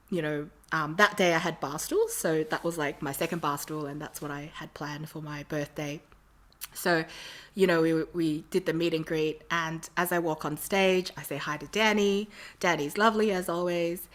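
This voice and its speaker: A Sydney woman appears as a podcast guest in a casual storytelling interview, recounting tales animatedly and laughing often. Her Australian voice is on the low side, with a fairly bright tone.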